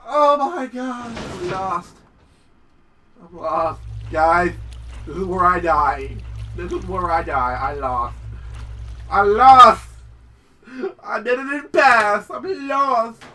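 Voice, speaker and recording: A man's voice: high voice, lively intonation, slow, sharp tone, far from the mic, a little hiss or hum, poor audio. A young man giving casual gameplay commentary, swearing and yelping when startled. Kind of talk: casual let's-play commentary.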